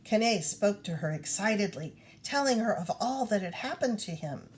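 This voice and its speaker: Animated woman reading a storybook. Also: mid-range voice, normal speed, slight background noise. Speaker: reader. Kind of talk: storybook read-aloud.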